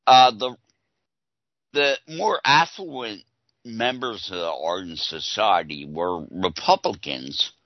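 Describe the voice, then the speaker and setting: A man talking as a guest in a halting, hesitant way. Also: fairly low pitch, dry recording. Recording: dull lo-fi recording.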